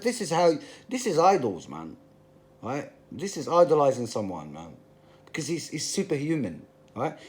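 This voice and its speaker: A man's voice: a little high, a little mellow. A man giving an emphatic, passionate monologue, full of repetition and rhetorical questions. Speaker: religious commentator.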